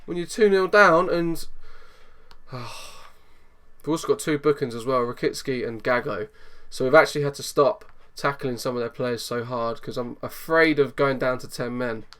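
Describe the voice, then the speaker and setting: A man giving excitable live commentary over a football management game, swinging from low muttering to loud outbursts. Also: fairly quick, hardly any pauses. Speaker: gaming YouTuber.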